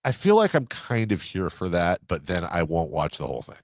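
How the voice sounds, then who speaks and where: Low-voiced radio guy, really lively, bouncy delivery, dry studio sound. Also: no room sound. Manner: animated, quick to jump in, emphatic. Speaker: sports radio co-host. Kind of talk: casual studio banter.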